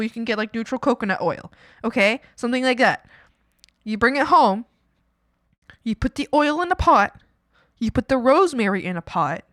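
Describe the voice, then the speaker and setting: A woman's voice: a little high, a bit bright, no echo, clean studio sound. A young woman from Canada chatting casually on a stream, rambling and swearing with many fillers. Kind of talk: casual chat.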